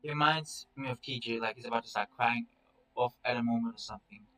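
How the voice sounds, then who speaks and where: Male reader, first-person story, casual and profane, mid-pitched voice, mic at a distance. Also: steady tone, fast talker, sharp tone.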